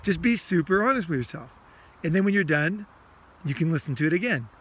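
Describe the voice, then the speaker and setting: An expressive man with a high-leaning, fairly bright voice and a breathy edge talks fairly quickly while walking outside for his self-help podcast. His monologue is loose and repetitive, heavy on swearing and acted-out inner rants.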